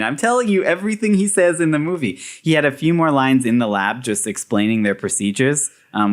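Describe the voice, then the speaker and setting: A man hosting a podcast, animatedly retelling movie scenes and laughing often. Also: medium pitch. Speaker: podcast host presenting a fan theory. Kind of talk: casual podcast chat.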